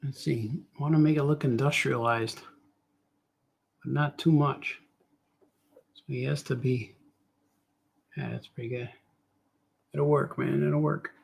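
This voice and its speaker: A man's voice: mid-range voice, steady tone, unhurried, creaky, long pauses, slightly rough. A middle-aged man, a cartoonist, chatting casually on a live stream while he draws, muttering to himself, trailing off and talking to his viewers. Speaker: cartoonist livestreaming while drawing.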